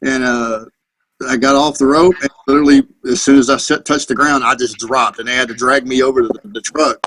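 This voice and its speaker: A man's voice: medium pitch, fairly even intonation, a little fast, a bit bright, a little hiss or hum, low-quality recording. A Marine veteran in his thirties, a podcast guest telling profane, rambling anecdotes in a casual chat. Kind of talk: casual storytelling.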